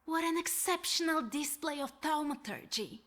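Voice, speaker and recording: An actress playing a proud, defiant occult scholar in a story game, speaking in a cool, self-assured way. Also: female voice, high voice, animated, normal speed, fairly bright tone.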